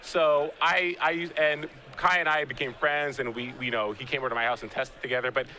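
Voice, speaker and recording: A man in his thirties doing live game commentary, a chatty and animated storyteller who often restarts his sentences. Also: a little high, a little fast, slight background noise. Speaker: guest commentator, pro player.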